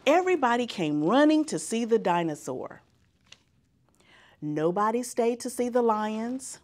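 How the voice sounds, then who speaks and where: A woman reading a children's picture book aloud as a guest reader, in an expressive storytelling manner. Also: on the high side.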